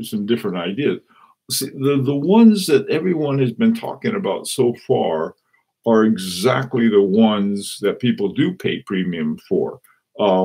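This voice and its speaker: A man hosting a casual live stream, chatting and reading out viewer comments in a rambling, halting way with many restarts. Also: lowish voice, darkish tone, husky. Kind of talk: casual live-stream chat about watches.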